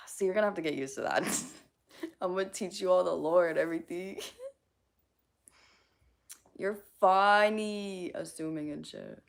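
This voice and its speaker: A woman's voice: on the low side, unhurried, vocal fry, long pauses. A woman live-streaming in casual chat, giggling often, reading chat aloud and swearing casually.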